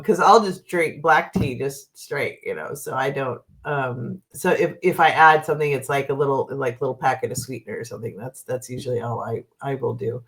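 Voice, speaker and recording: A woman's voice: low voice, fairly bright tone. A middle-aged woman from Oregon, a card and dowsing reader, chatting casually on a livestream in a rambling way and laughing often. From Oregon, US West Coast.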